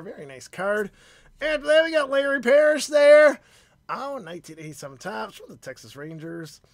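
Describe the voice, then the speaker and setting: A man's voice: high voice, fairly bright tone. A man hosting a live card-opening stream, upbeat and chatty as he greets viewers by name, while his voice is phlegmy and starting to go. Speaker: card-breaking stream host.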